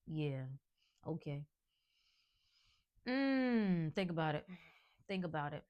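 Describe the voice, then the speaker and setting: A woman's voice: low-pitched, expressive, slow pace, pauses often, a little mellow, smooth. A woman hosting a podcast, delivering an emphatic, preachy motivational monologue in colloquial speech, breaking into laughs. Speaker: podcast host.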